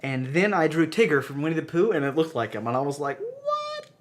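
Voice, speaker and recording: Young Southern podcast co-host, animated and self-deprecating, fairly high voice with a bouncy delivery. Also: male voice, quick pace. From southern United States. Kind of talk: casual chat.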